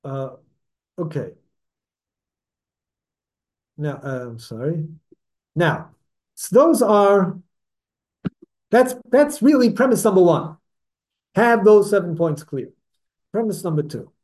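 A man's voice: high-pitched, sing-song, slow, long pauses, darkish tone. A man teaching a Torah class to a small group, talking conversationally, correcting himself mid-sentence and putting questions to his listeners. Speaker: religious teacher.

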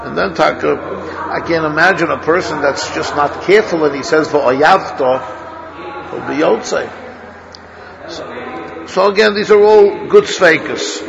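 A man teaching a Torah study class, his voice sitting a touch higher than most men's. He works through ideas out loud, quizzing the room and restarting his sentences as he goes, while his students are clearly heard around him. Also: normal speed, lo-fi sound, crowd noise. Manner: thinks aloud, questioning students, many restarts.

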